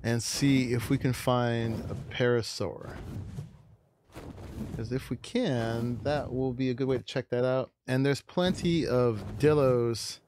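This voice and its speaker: A man casually commenting on a game he is playing live, relaxed and rambling. He chuckles often and loses his train of thought mid-sentence. A faint hiss sits under his voice. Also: mid-range voice, takes it slowly. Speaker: game streamer.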